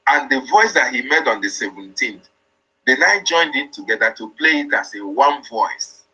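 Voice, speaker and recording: A man's voice: medium pitch, pushed and bright, slightly rough, rough recording. A man hosting a live audio room, explaining insistently and repeating his points. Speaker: host.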